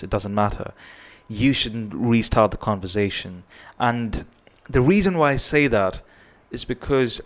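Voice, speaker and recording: A man giving earnest parenting advice, often checking in with "right?". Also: fairly low pitch. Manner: earnest, repetitive, tags points with "right?". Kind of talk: advice talk to camera.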